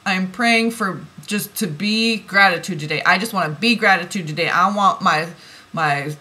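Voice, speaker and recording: A woman giving an oracle card reading, musing softly and then bursting into heated, swearing rants. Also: fairly low pitch, moderate pace. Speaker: tarot reader.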